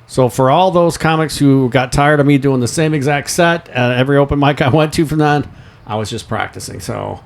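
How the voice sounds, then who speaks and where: A man's voice: medium pitch, a little fast, creaky. A man, a comedian guest, chatting casually and laughing at himself while talking about his set. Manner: easygoing, self-deprecating storyteller. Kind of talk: casual podcast chat.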